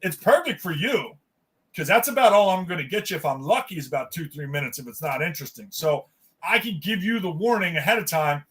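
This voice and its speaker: Animated bright-voiced man telling stories. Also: on the high side, a little fast. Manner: animated storyteller, acts out quotes, swears freely. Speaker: podcast co-host. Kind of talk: casual chat.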